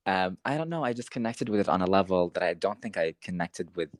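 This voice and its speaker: Excitable low-voiced young man. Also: quick pace, dry recording. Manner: rambling, filler-heavy, excitable. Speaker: podcast co-host. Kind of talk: casual chat.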